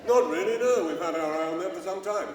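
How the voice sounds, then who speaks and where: A man's voice: high voice, fast, background noise, lightly acted. A man playing a smug, evasive government adviser in a live comedy sketch, answering breezily. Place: large old church used as a cabaret venue. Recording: echoey church hall from far off.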